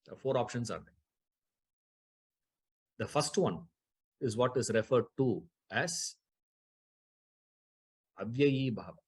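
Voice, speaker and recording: Male scripture teacher, husky mid-pitched voice, patient explainer who repeats terms and quizzes the class. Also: lively intonation, takes it slowly, long pauses. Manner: asks the class rhetorical questions, repeats key terms. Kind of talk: explaining Sanskrit grammar in a class.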